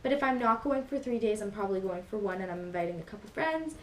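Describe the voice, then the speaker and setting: A woman's voice: medium pitch, animated, quick pace, a little hiss or hum. A young woman vlogger telling a story in a casual, rambling way, full of fillers and self-corrections. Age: young adult. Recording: echoey room with faint music behind.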